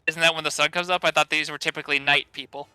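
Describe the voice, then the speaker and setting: A man's voice: fairly high pitch, steady tone, fast talker, sharp tone, smooth, no echo, soft background music, low-quality recording. A man voicing a blunt adult male noble adventurer who talks in a dry, businesslike way. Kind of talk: in-character role-play.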